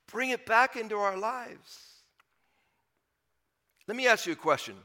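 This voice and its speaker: A man delivers a sermon in an earnest, conversational way. He leans on repeated phrases and rises into emphatic swells. His voice sits high and bright for a man, with a long hall reverb trailing behind it. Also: lively intonation, a little slow. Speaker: pastor.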